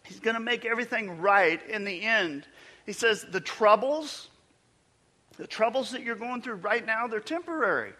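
A man preaching a sermon in a large church, his voice bright and slightly high. He speaks slowly and emphatically, pushing some lines loud and letting others fall to a hush. The sound carries a long reverb from the hall. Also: animated. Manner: emphatic preaching, rising to loud peaks and dropping to a near whisper. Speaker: pastor.

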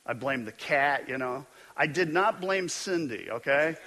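A middle-aged male pastor preaching a sermon, telling stories with animated, self-mocking humor. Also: medium pitch, unhurried.

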